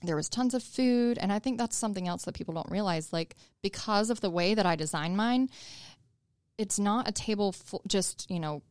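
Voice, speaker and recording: A woman's voice: mid-range voice, normal speed, clear, resonant tone, no echo, clean studio sound. A woman, a small business owner, telling a story in a casual interview, chatty and full of fillers.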